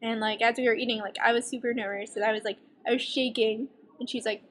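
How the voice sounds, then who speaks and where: A young woman vlogging, telling a story in a chatty, animated way and acting out the voices she quotes. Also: on the high side, fast talker, slight background noise. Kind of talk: casual storytelling.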